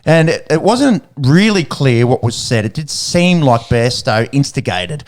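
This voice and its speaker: A man's voice: mid-range voice, big pitch swings, unhurried. An Australian man co-hosting a sports podcast, talking casually and jokily with plenty of fillers. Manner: chatty, jokey, lots of fillers. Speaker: podcast co-host. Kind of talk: casual chat.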